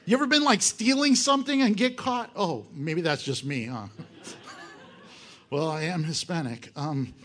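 Animated high-voiced male pastor preaching. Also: measured pace. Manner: animated and joking, full of rhetorical questions. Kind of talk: sermon.

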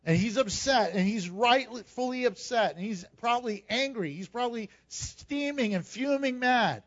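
Moving from scripture to everyday talk, this pastor addresses his church with a high, lively, consistently animated voice at normal speed. The sermon comes through on a dull, lo-fi recording.

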